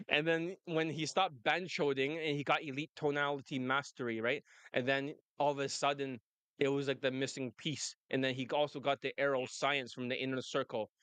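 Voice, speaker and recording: A man's voice: mid-range voice, flat delivery, moderate pace, fairly bright tone, clean tone, no echo. A man coaching on dating, talking brashly and laughing often in casual chat. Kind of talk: casual monologue and phone call.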